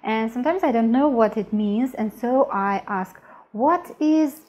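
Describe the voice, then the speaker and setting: A woman's voice: a little high, a little mellow, highs cut off. A woman with a Russian accent teaching a language lesson, patiently repeating each word. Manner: patient, repeats words slowly.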